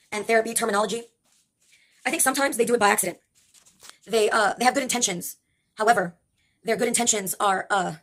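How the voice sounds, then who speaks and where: A woman, likely in her twenties, telling wry personal stories in a rambling vlog monologue full of filler pauses. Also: a little high, a bit bright. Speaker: vlogger. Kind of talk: casual storytelling monologue.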